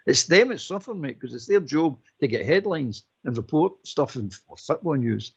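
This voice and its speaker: Man, blunt heated pundit, gravelly husky voice, dull lo-fi line. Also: medium pitch, lively intonation, fairly quick, few pauses. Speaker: football pundit on a phone-in. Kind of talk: casual football phone-in chat.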